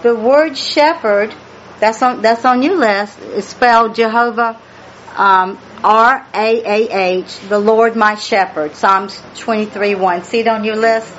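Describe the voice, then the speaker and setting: A woman's voice: a little high, a little slow, fairly bright tone, dull audio, a little hiss or hum. A woman leading a Bible study, reading scripture aloud, explaining it and repeating key phrases for emphasis.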